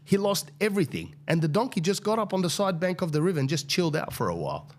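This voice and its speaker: A man hosting a podcast, telling a comic story in a blunt, crude, animated way. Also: high voice, fast. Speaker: podcast host. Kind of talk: comedic storytelling rant.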